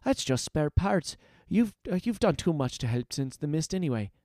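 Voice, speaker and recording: A man voicing a kindly middle-aged shopkeeper in a read-aloud story, gentle and hesitant with fillers. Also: on the high side, big pitch swings, normal speed, dry recording, studio quality.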